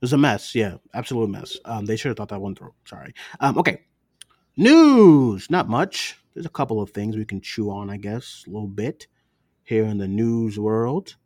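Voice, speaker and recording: A man's voice: on the low side, moderate pace, no room sound, studio quality. A man co-hosting a movie podcast, chatting casually and acting out other people's voices as he tells stories. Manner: animated storyteller, acts out relatives' voices. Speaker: podcast co-host. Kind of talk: casual chat.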